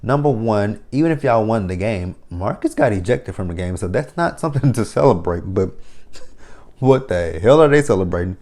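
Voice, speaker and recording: A man's voice: fairly low pitch, animated, normal speed, darkish tone. A man giving a casual, sarcastic and profane recap of a TV episode, talking straight to his viewers. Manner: sarcastic, profane running commentary. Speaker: TV episode reviewer.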